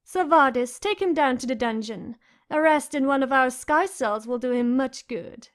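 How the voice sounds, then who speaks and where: A woman's voice: sits high, normal speed, lightly acted. A woman voicing a cold, imperious noblewoman who guards her son fiercely, in an audiobook reading. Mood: commanding. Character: cold, haughty noblewoman, overprotective mother.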